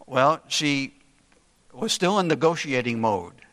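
An older man preaching a sermon, telling a story earnestly with slow, deliberate emphasis. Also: mid-range voice, expressive, a bit bright. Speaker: pastor. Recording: long reverb in a large hall.

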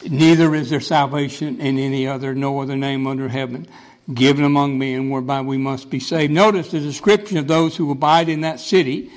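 A man's voice: mid-range voice, steady tone, fairly quick, in a large hall, poor audio. A man pastor preaching a sermon, stressing points with emphatic repetition.

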